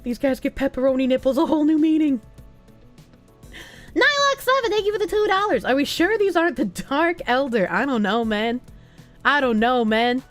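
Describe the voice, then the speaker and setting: High, lively young woman streamer. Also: normal speed, soft background music. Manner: animated, laughs often, thanks donors. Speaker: livestreamer. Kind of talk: live stream chat reading.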